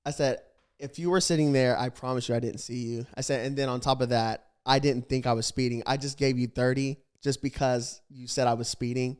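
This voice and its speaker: A young man hosting a casual podcast chat, his voice smooth and resonant at a middle pitch. He tells a story with animation, playing out each side of the conversation. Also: a little fast. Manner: animated storytelling, acts out quoted exchanges. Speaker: podcast host.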